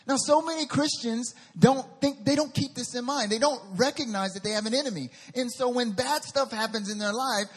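A man from North Carolina with a Southern accent, preaching a lively sermon as pastor and speaking directly to his congregation. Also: extremely high pitch.

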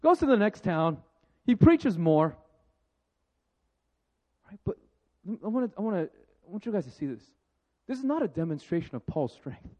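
Guy preaching w/ jokes, bit higher voice, dull muffled recording. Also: moderate pace, long pauses. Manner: animated and joking, then hushed and reflective. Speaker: pastor. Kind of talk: sermon. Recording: dull lo-fi sound.

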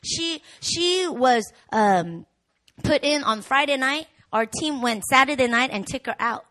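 A woman pastor preaching a sermon, animated and rising to shouts in the swells of her message. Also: sits high, a little slow. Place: church hall.

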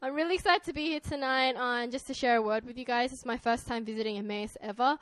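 A young Australian woman with an Australian accent preaches a sermon as a guest pastor, friendly and laughing often, with frequent ums and uhs. Her voice is on the high side and a bit bright, with fairly even intonation, and she talks fast.

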